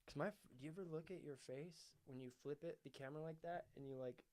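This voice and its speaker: Young male co-host, slightly raspy, pitched a bit high, chatty. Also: fast, a little mellow. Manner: chatty, swears and laughs often. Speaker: podcast co-host. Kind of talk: casual livestream chat.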